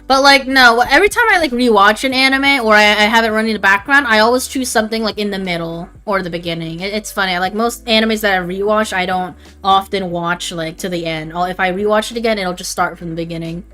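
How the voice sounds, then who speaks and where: Bright young woman rambling on stream. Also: medium pitch, quick pace, hardly any pauses. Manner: rambling and swears freely. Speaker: livestreamer. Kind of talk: casual stream chat.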